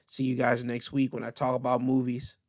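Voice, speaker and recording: A man's voice: mid-range voice, completely flat delivery, brisk, a little hiss or hum. A man hosting his own podcast, closing the episode in a rambling, upbeat way with many fillers. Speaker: podcast host. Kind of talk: solo podcast sign-off.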